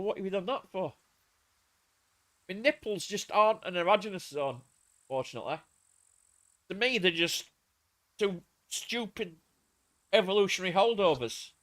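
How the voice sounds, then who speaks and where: Lively, high-voiced man. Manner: animated, rambling and crude. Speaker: streamer. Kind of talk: casual gaming chat.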